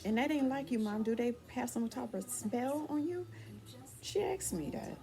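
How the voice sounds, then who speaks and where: A woman's voice: fairly high pitch, brisk, crowd noise. A woman talking candidly and ramblingly in a casual personal vlog to her viewers, asking them for advice. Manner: candid, rambling, dialect speech with restarts.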